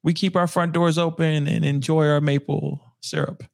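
A man's voice: fairly high pitch, little pitch movement, normal speed, creaky, voice pushed up. A man voicing a friendly Canadian man inviting people over, in a mock-folksy, joking way.

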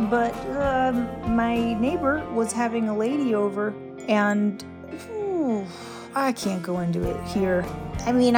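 A woman hosting a comedy show, chatting casually with rambling, self-deprecating asides. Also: fairly high pitch. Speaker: podcast host and voice actor. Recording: music playing behind.

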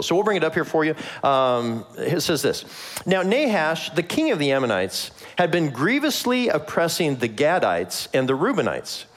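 A male pastor delivering a sermon, his pitch swinging widely as he talks. He keeps it casual and playful, slipping into quick character voices to act out the story. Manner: conversational, acts out quoted voices with humor.

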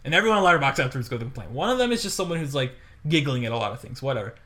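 Bright-voiced man telling rambling stories. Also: mid-range voice, racing. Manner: rambling, animated storytelling with many fillers and laughs. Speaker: podcast co-host. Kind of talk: casual chat.

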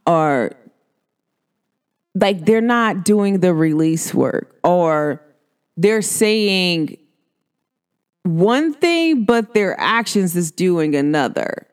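Young adult woman, casual vlog monologue, animated, laughs, rhetorical questions. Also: lowish voice, very slow, pauses often, clean tone. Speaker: vlogger. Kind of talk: casual self-help monologue.

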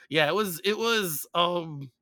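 A man's voice: high voice, slow, bright, forceful tone, dry recording, studio quality. An American man hosting a podcast, chatting casually with many fillers and restarts. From United States. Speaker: podcast host. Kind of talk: casual chat. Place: New York.

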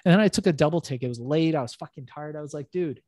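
A man's voice: on the high side, racing, darkish tone, dry recording. A man hosting a casual talk, telling stories in a brash, profane way. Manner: brash storytelling, heavy swearing. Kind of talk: casual conversation.

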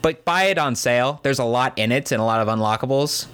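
A man's voice: mid-range voice, quick pace, a bit bright, clean tone. A man co-hosting a podcast in casual chat, rambling with many fillers and restarts and laughing easily. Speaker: podcast co-host.

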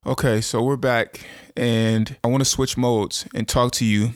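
A man in his thirties from the United States, hosting his own show and speaking earnestly in a halting, reflective monologue with frequent restarts. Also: mid-range voice, little pitch movement, no echo, clean studio sound. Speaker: motivational speaker and show host.

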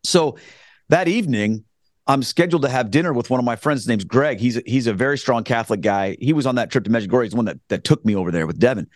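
A man's voice: medium pitch, fast talker, no echo, studio quality. Earnest man rambling through a testimony. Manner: earnest, rambling with frequent restarts. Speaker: guest telling his conversion story. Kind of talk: casual spoken testimony.

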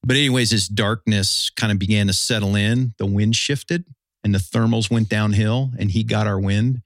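A man's voice: fairly low pitch, fairly even intonation, normal speed, dry recording, studio quality. A man telling a long hunting story in casual chat, rambling and full of fillers.

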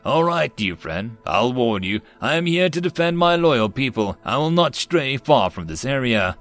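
A man voicing an alien noble who speaks in a formal, quietly menacing way. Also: medium pitch, very animated, moderate pace, faint music behind.

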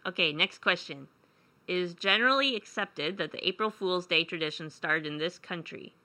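A woman's voice: fairly low pitch, moderate pace, pushed and bright, rough recording. A woman co-hosting a radio show who reads out quiz questions in an upbeat, casual way.

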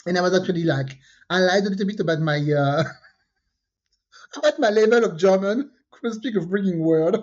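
In dull, lo-fi podcast audio, a woman from France who co-hosts the show recounts a story conversationally. She talks at a moderate speed, lively and filler-heavy, with pitch jumps whenever she's quoting someone.

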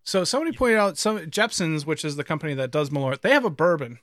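A man co-hosting a podcast, chatting in a relaxed, rambling way. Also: fairly high pitch, fast, dry recording, studio quality. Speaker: podcast co-host. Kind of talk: casual chat.

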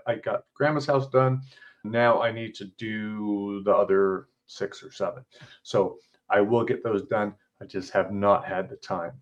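A man's voice: mid-range voice, lo-fi sound. A man, author and podcast host, reading his interactive story aloud with blunt, casual asides and free swearing.

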